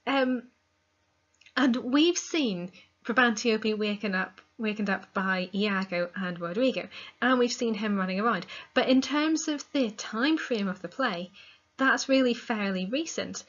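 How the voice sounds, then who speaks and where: A woman's voice: on the high side, measured pace, a bit bright, lo-fi sound. A woman teaching a literature lesson, reading quoted lines from a play and then explaining them in plain words.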